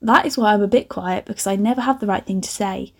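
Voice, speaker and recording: A woman reading her own teen story aloud, voicing a posh, quiet teenage schoolgirl in an exaggerated posh voice. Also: medium pitch, brisk, natural voice. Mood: prim.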